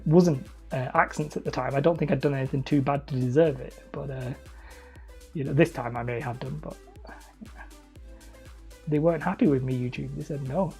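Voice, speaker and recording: Husky Lancashire woman chatting while crafting. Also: low-pitched, dark tone. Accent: Wigan area, Lancashire. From Leigh, near Wigan, England. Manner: chatty, self-mocking, rambling. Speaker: hobby terrain streamer. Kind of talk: casual live-stream chat while crafting.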